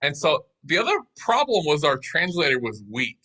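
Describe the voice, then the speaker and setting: A man telling a business story as an interview guest, in a lively, anecdotal way. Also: a little high, moderate pace, low-quality recording.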